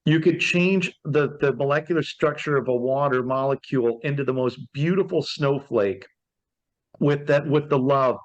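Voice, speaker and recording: A man's voice: medium pitch, moderate pace. A man hosting a casual interview, explaining ideas enthusiastically and repeating key points. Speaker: podcast host. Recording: dull lo-fi audio.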